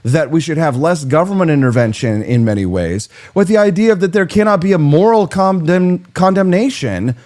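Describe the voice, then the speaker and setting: A man's voice: on the high side, big pitch swings, normal speed, few pauses, a little mellow. A man hosting a talk show, delivering an opinionated, sarcastic monologue and swearing freely.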